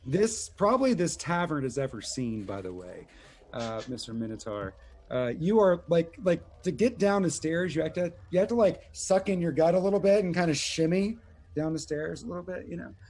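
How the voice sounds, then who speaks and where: Lively, rambling game master. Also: male voice, a little high, normal speed. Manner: casual, lots of filler words. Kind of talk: narrating a tabletop game.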